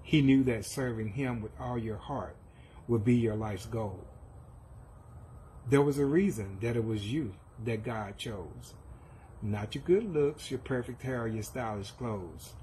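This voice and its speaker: A man's voice: mid-range voice, mellow, a little hiss or hum, rough recording. Man reciting a rhyming tribute. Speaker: church member giving a tribute.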